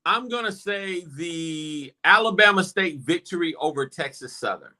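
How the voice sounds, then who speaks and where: An animated man co-hosting a casual sports talk show, telling stories about the games with hype and laughter. His voice is bright and forceful, and his pitch swings widely. He talks with a playful, high-energy bounce. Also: normal speed. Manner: animated, laughing, hyped storytelling. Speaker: co-host.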